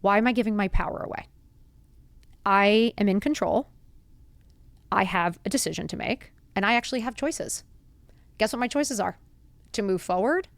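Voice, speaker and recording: A woman's voice: mid-range voice, clean tone, dry recording. A woman hosting a podcast, talking earnestly and openly about getting back up after setbacks, peppering her speech with "like" and "right?" and rhetorical questions. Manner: earnest, confiding, heavy use of "like" and "right?". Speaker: podcast host. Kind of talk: motivational personal talk.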